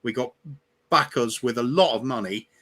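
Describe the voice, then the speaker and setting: Male co-host, fan livestream, measured opinions, mid-pitched voice. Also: a bit bright. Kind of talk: casual fan chat.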